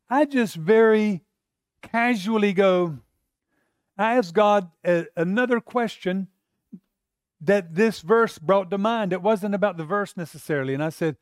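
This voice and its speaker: A middle-aged male pastor preaches in a relaxed, conversational sermon. He tells a personal story earnestly and acts out his own thoughts along the way. His voice sits a little high, and the sound is dry and close. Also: dry recording. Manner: storytelling, earnest and conversational, with acted-out inner quotes.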